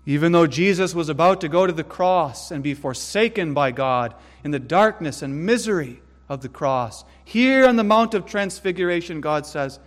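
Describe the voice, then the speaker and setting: A man preaching a sermon in a slow, deliberate style, using emphatic repetition. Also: a little high, expressive. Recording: long hall reverb.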